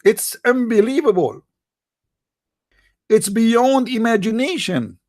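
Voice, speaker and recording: An actor playing a boastful, rambling mock preacher with an Arabic accent, in a satirical livestream monologue. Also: male voice, very high voice, expressive, takes it slowly, darkish tone, a little hiss or hum, exaggerated voice. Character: mock-pompous self-styled male preacher, middle-aged.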